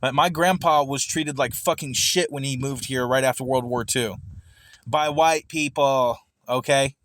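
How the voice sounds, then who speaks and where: A man's voice: medium pitch, steady tone, moderate pace, fairly bright tone, no echo, studio quality. A man giving heated, profanity-filled commentary, often stammering and repeating words as he reacts to a recorded argument. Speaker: streamer reacting to a recorded debate.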